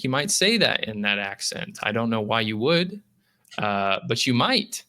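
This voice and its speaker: A man talks on a casual podcast in an animated way, slipping into quick imitations of confused users. His pitch swings widely, and his tone stays bright and forceful throughout. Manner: animated, acts out users' voices. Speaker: guest from a lending app.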